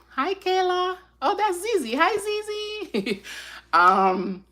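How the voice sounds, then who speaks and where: Slow-talking, heartfelt woman host. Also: fairly low pitch, fairly bright tone. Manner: heartfelt, emotional and reflective; pauses often with sighs and fillers. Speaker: live-stream host. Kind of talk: casual live-stream talk.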